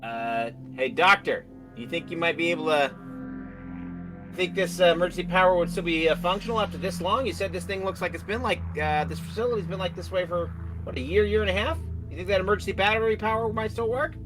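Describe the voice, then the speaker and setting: A man's voice: sits high, fast talker, music in the background. A man playing in a tabletop game, asking rambling questions that he keeps restarting. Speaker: player. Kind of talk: casual tabletop game chat.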